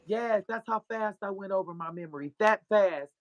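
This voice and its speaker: A woman, a podcast guest and author, telling an animated, profane story of her faith. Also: medium pitch, normal speed, no room sound. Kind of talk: casual testimony.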